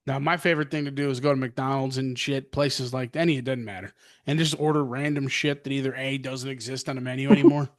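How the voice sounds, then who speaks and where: A man's voice: mid-range voice, fairly even intonation, fast. A middle-aged man co-hosting a podcast, complaining sarcastically with lots of profanity. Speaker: podcast co-host. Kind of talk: casual chat.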